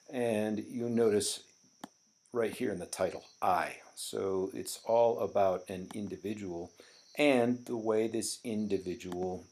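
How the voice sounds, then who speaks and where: A middle-aged man gives a classroom poetry lecture at an unhurried pace. His fairly low voice has a gravelly edge, and he explains with many ums and restarts. Faint crickets chirp behind him. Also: a little mellow. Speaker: teacher.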